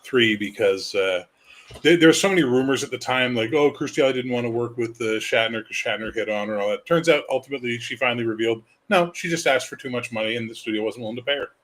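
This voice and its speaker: A man co-hosting a casual chat, swearing freely and telling stories in an animated way. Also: medium pitch, fast. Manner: profane, animated storyteller doing voices. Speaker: podcast co-host.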